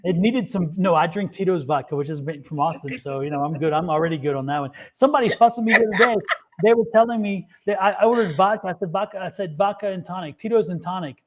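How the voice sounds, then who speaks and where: A man's voice: high-pitched, fast. A man hosting a livestream tarot show over a video call, chatty and laughing often. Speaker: tarot reader and host. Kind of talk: casual livestream chat.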